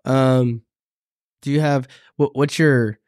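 A man co-hosting a podcast, chatting casually in a hesitant, halting way. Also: medium pitch, steady tone, a little mellow, no room sound, clean studio sound. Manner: hesitant, halting, many restarts and fillers. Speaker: podcast co-host. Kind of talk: casual chat.

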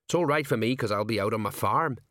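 A man's voice: fairly low pitch, quick pace, fairly bright tone, dry recording, studio quality, lightly acted. Brief: male narrator doing a rambling older sergeant, folksy and set in his ways. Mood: grumbling. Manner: folksy, rambling, common speech.

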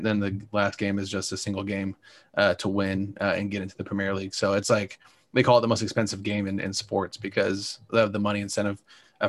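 A man's voice: on the low side, dry recording. A young man co-hosting a sports podcast, talking casually with many fillers and restarts. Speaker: podcast co-host, soccer fan.

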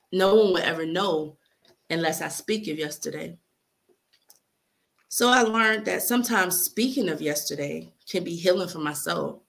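With a fairly low, slightly bright voice, a young adult woman reads a letter she wrote herself. She speaks earnestly and with emotion, sometimes close to tears, in a spoken-word reading.

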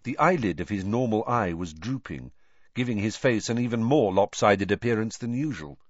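Expressive male audiobook narrator. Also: fairly low pitch, moderate pace, no echo, muffled recording. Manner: expressive storytelling. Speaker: audiobook reader. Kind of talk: scripted narration.

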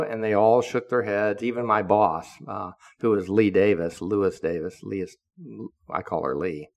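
A man's voice: lowish voice, fairly even intonation, measured pace. A man of seventy, a podcaster, telling a story in a blunt, profane monologue that turns heated when he quotes himself. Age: 70s.

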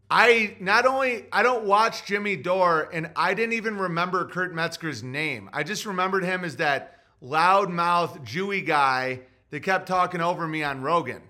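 Male podcast host, loud, rambling and mocking. Bright, tense, slightly high voice, talking over a live chat. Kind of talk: livestream monologue reading chat.

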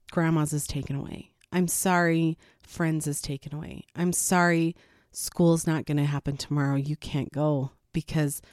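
A woman's voice: lowish voice, a little mellow, dry recording, clean studio sound. Earnest woman giving parenting advice. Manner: earnest, conversational, laughs now and then. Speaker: parenting vlogger. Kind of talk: casual advice talk.

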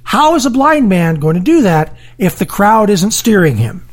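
A podcast co-host in a casual Bible discussion, talking in an animated way and acting out crowd voices. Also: medium pitch, moderate pace.

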